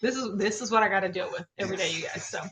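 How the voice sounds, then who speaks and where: A woman's voice: mid-range voice, rapid-fire, crowd noise, rough recording. A young woman hosting a casual livestream, bubbly and chatty, reading viewer comments aloud. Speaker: livestream host.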